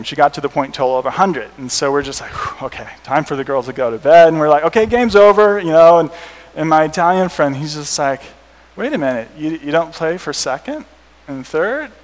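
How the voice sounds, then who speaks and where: American missionary guy telling funny stories, slightly high voice, long echo in a big hall. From United States. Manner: animated, laughing at his own stories. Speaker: missionary speaker. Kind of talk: storytelling talk to an audience. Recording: reverberant hall.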